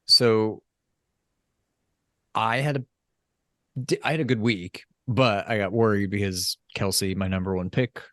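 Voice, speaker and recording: A man with a fairly low voice chats on a podcast in an easygoing, animated way. He tells his stories with enthusiasm. The recording is close and dry. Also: measured pace, pauses often, no echo. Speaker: podcast co-host. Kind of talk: casual chat.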